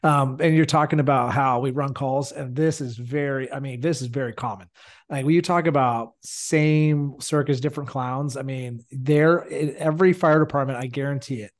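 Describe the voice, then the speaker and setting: A man's voice: mid-range voice, steady tone, normal speed. A man co-hosting a firefighter podcast, telling work stories in a chatty way with lots of fillers. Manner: chatty, lots of "like" and "you know". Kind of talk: casual storytelling.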